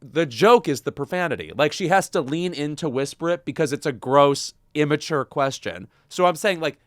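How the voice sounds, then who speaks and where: A man's voice: fairly high pitch, expressive, moderate pace, fairly bright tone, no echo, clean studio sound. A man co-hosting a podcast in casual pop-culture chat, wry and chatty, with lots of asides and fillers. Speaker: podcast co-host.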